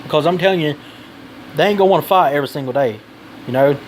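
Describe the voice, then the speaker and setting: A man's voice: on the high side, fast, slight background noise, low-quality recording. A man giving blunt advice in a casual vlog, rambling and swearing freely.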